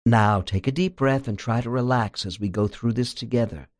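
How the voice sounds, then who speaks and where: A calm therapist guiding a patient, read by a man in an audiobook. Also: medium pitch, moderate pace, natural voice. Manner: calm, reassuring. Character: calm male hypnotherapist, reassuring.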